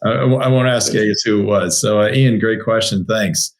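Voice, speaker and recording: A man's voice: lowish voice, moderate pace. A man hosting an interview, giving short encouraging replies and reading out audience questions with many hesitant fillers. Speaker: podcast host.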